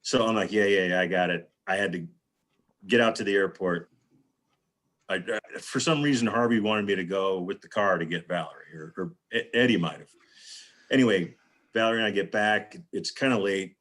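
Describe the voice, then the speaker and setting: A man with a fairly low pitch, moderate pace, and fairly bright tone tells a rambling, casual anecdote as a guest on a live video panel. He acts out what people said, and his audio comes through a video call microphone.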